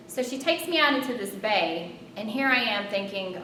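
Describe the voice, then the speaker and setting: A woman recounts a personal story with animated, self-mocking drama and pauses. She sits far from the mic in a reverberant room. A steady low rumble runs underneath. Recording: roomy distant mic with rumble.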